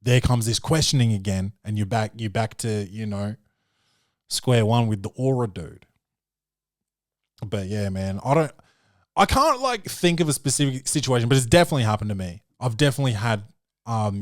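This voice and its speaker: A man's voice: on the low side, moderate pace, no echo, clean studio sound. Laid-back podcast guy, swearing. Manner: loose and profane, full of "dude" and "man". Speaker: podcast host. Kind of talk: casual comedic review chat.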